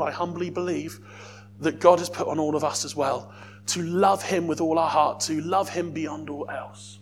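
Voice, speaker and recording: A man preaching a sermon as a youth worker, lively, with joking asides to the congregation. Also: fairly high pitch, moderate pace, slight background noise.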